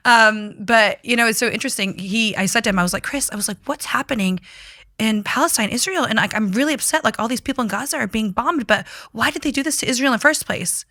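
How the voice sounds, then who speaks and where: A woman talking as a guest in a casual interview, animated and emphatic as she tells her story. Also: on the high side, quick pace, no echo, clean studio sound. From United States.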